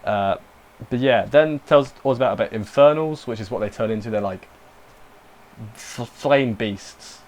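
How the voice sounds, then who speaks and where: A man's voice: mid-range voice, a little fast, a little mellow. A young man casually recapping and reviewing an anime episode, rambling with self-deprecating asides and lots of fillers.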